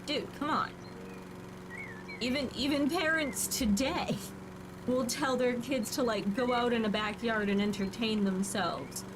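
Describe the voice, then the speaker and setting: A woman's voice: a little high, measured pace, background noise. A woman in her thirties streaming a building game, chatting casually and thinking aloud with playful asides. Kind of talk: casual gameplay commentary.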